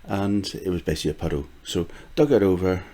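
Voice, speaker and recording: A man's voice: low voice, quick pace, dark tone. An older man from the UK rambling casually through a gardening vlog, with frequent fillers, restarts and small chuckles. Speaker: gardening vlogger.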